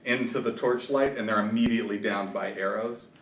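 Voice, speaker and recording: Male game master, halting delivery, recorded off-mic in a roomy space. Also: on the low side, fairly even intonation, slight background noise. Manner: hesitant, many ums and restarts. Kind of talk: narrating a tabletop game. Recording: echoey room, far from the mic.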